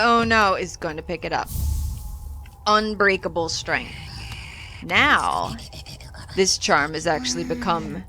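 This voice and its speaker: A woman's voice: lowish voice, pushed and bright, slight background noise. A woman hosting a let's play, chatting casually and animatedly through the game with exasperated jokes. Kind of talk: casual gameplay commentary.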